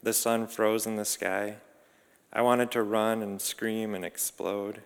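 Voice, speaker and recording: Calm low-voiced man narrating. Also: vocal fry, smooth. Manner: calm, measured, introspective. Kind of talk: reflective first-person story reading. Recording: long reverb.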